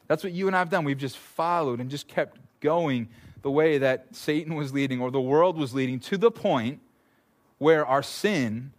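A man in his thirties preaching a sermon as a pastor, telling stories with lively, sudden loud bursts. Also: on the high side.

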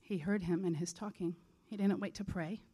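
Woman, preacher, sermon, earnest, conversational, mid-pitched voice. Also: steady tone, normal speed, mellow, breathy edge.

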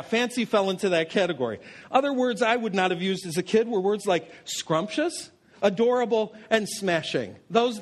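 High-voiced pastor telling stories. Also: male voice. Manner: anecdotal storyteller with self-deprecating humor. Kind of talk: sermon.

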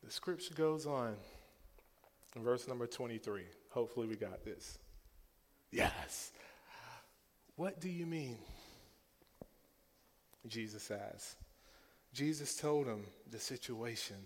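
A male pastor in his thirties preaching a sermon with call-and-response, moving between hushed, tender passages and loud, rousing exhortation. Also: mid-range voice. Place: large church sanctuary. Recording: long hall reverb in a church.

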